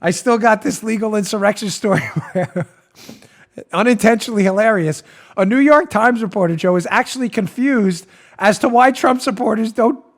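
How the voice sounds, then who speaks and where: A man's voice: high-pitched, normal speed. A middle-aged man hosting a political talk show, mocking his targets and laughing hard at his own jokes. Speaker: podcast host.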